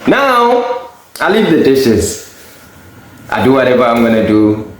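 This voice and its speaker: Animated young man telling a story. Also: medium pitch, unhurried, slight background noise. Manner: animated, laughing storyteller who acts out quotes. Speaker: podcast co-host. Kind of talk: casual chat, storytelling. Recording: echoey room.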